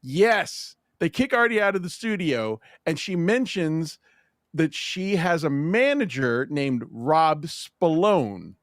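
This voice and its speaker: A man hosting a podcast, telling a story in an animated, swearing, laughing style of casual chat. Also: fairly high pitch, slow, no room sound, clean studio sound. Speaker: podcast host.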